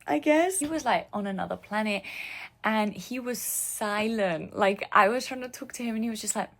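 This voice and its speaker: A woman's voice: fairly high pitch, normal speed, fairly bright tone. A young woman vlogging in a casual, gushing way, full of "like" and fond asides. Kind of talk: casual chat.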